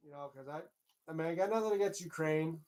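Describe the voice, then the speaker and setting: A man's voice: a little high, fast, a little mellow. Rambling casual livestream host, man. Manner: rambling, loose, swears casually.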